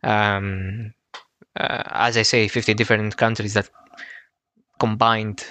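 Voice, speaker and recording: A man from Greece with a Greek accent hosting a podcast, speaking haltingly with many fillers. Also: on the low side, level tone, bright, forceful tone, no echo. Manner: halting, frequent "uh" and "um", laughs often. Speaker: podcast host. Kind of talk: casual podcast chat.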